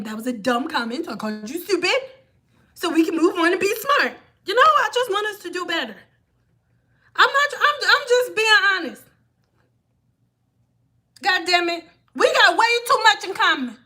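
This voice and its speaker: Blunt, high-voiced woman ranting on a livestream. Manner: blunt, profane, animated ranting. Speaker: hair stylist hosting a livestream. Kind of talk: casual livestream rant.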